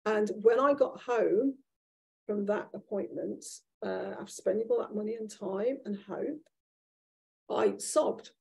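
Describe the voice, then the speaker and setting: A woman speaking to an audience at a live event, telling a story from her life in a candid, self-deprecating way. Her voice is mellow and dark, with a gravelly, husky edge. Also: medium pitch, measured pace, rough recording. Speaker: author guest at a live talk. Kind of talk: anecdotal storytelling in a live conversation.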